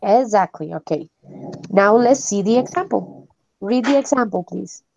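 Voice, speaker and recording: A woman's voice: medium pitch, animated, normal speed, creaky, a little mellow, no echo. Woman english teacher, upbeat, laughs a lot, dull dry lo-fi sound. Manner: encouraging, laughs often. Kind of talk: online English class.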